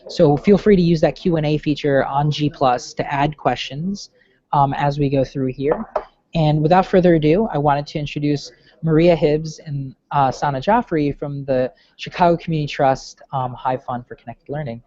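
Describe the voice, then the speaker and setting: A man's voice: a little high, moderate pace, warm tone. A man moderating a webinar, friendly and informal with lots of fillers, over a video call. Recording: dry lo-fi online call audio.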